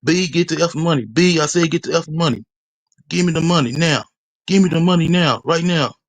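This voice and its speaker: Robber, male, aggressive and threatening, as a man puts him on. High and shouted. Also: rapid-fire, no echo, close to an everyday voice. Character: armed male robber, aggressive, demanding money.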